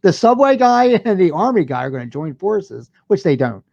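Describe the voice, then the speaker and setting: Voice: medium pitch, big pitch swings, moderate pace, gravelly, a little mellow, dull audio. A podcast co-host in casual movie review chat, rambling and swearing with lots of restarts.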